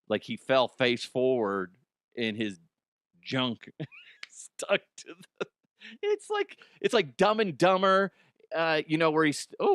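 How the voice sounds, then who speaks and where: A middle-aged man hosting a comedy news show, riffing on odd headlines in an animated, jokey way and swearing freely. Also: mid-range voice, clean tone, dry recording, clean studio sound.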